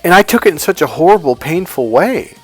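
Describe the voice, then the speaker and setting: A middle-aged man, a dating coach, telling a personal story in a vlog with animated, acted-out delivery. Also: on the high side, brisk, slightly rough, soft background music. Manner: animated storyteller, acts out quotes.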